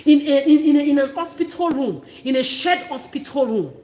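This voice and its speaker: A woman's voice: high-pitched, animated, fairly quick, dark tone. A woman talking straight to her viewers in an impassioned, emphatic monologue, often repeating herself. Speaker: vlogger. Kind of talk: emotional personal monologue to camera.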